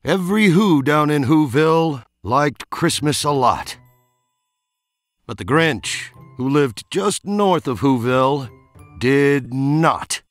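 A man reading a rhyming children's book aloud, animated and expressive, stretching out repeated words. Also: fairly high pitch, slow, no echo, soft background music. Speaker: storybook reader.

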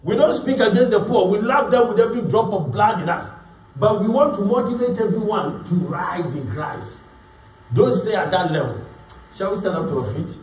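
A man's voice: high voice, expressive, normal speed, darkish tone. A man preaching a sermon as pastor, emphatic, repeating words and acting out quotes. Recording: echoey room, voice from far off.

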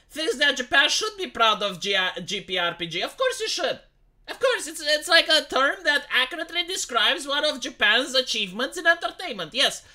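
A woman streamer rants about gaming news from her home streaming setup, mocking and emphatic, with heavy sarcasm throughout. Her voice is high-pitched and bright, with a forceful tone.

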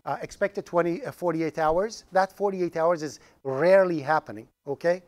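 His voice is fairly high and his speed normal. Lecturing a college programming class, he's lively and humorous, speaking directly to the students and tossing jokes their way as he teaches.

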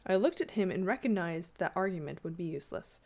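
A woman reading a classic ghost story aloud in a measured, expressive way. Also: on the low side.

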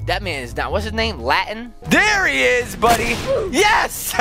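Man, middle-aged, gaming channel host, excited gameplay commentary, goofy outbursts, very lively pitch, music behind. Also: normal speed, gravelly. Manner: goofy, loud outbursts and silly voices.

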